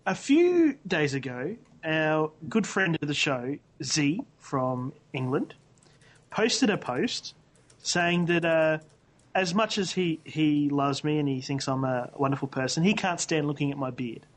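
A man's voice: a little high, animated, a little slow. A man co-hosting a podcast, telling a playful story in casual chat. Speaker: podcast co-host.

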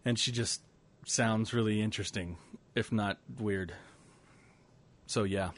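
A man's voice: lowish voice, steady tone, unhurried. Laughing male podcast co-host. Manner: laughs often, stammering restarts. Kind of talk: casual chat.

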